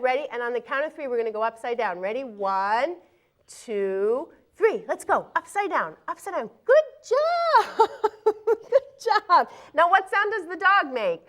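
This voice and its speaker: A woman's voice: high-pitched, animated, normal speed, fairly bright tone. A young woman leading a children's yoga class on a TV show, playful and encouraging, singing and counting along with the kids. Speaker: kids' yoga instructor.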